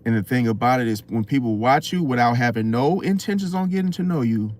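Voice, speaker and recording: A man's voice: mid-range voice, fast talker, a little mellow. A man hosting an astrology channel, giving an unscripted motivational talk full of rhetorical questions and repeated "see?". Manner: preachy, rhetorical questions, keeps saying "see?".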